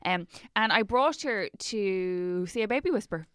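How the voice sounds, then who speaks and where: A woman's voice: mid-range voice, expressive, normal speed, fairly bright tone, clear, resonant tone, dry recording, studio quality. An Irish woman and mother, casually telling a long story on a podcast, trailing off and restarting as she goes. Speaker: podcast co-host. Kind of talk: casual chat.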